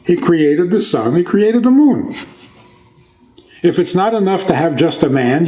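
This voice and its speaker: Male rabbi, fairly high voice, informal lecture style, quizzes the room and jokes. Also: expressive, a little slow, dark tone. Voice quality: conversational, asks the audience questions and jokes. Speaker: rabbi giving a talk.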